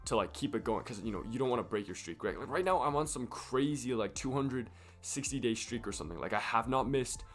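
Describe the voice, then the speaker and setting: A young man with a croaky, sick voice, rambling casually and profanely to camera in a fitness vlog. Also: mid-range voice, animated, a little fast, soft background music. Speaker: fitness vlogger.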